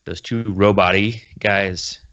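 A man's voice: lowish voice, fairly even intonation, slow, fairly bright tone, muffled recording. A man hosting a podcast, recapping a comic book in a casual, rambling way with sarcastic jokes. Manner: rambling, jokey, sarcastic asides. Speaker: podcast host.

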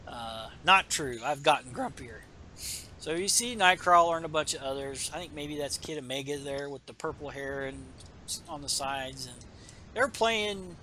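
A man with a fairly high, sharp voice recaps a comic issue casually, with a little hiss or hum in the recording. The comic book podcast host rambles, reading the dialogue aloud in a plain voice with lots of fillers.

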